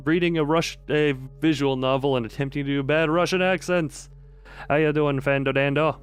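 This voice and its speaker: A man's voice: fairly high pitch, fairly even intonation, moderate pace. A young man streaming a horror visual novel, reading the text aloud and cutting in with dry jokes. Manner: dry, joking commentary between narration.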